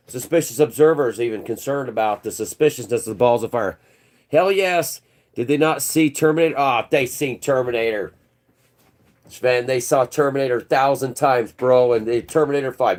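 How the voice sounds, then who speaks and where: Indoors, a man hosts a livestream on his channel, rambling through conspiratorial commentary and calling his viewers "bro." His voice is mid-range with a darkish tone.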